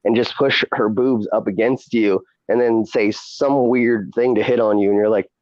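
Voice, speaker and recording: A man's voice: lowish voice, fairly even intonation, moderate pace, darkish tone, no echo, lo-fi sound. A man hosting a casual chat, rambling with many fillers and frequent laughs. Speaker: podcast host and streamer.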